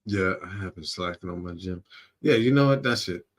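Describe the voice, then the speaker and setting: A man hosting a stream, reacting casually with slang, frequent laughter and quick apologies for cursing. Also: sits low. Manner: laughs often, slangy, curses then apologizes. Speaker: streamer host.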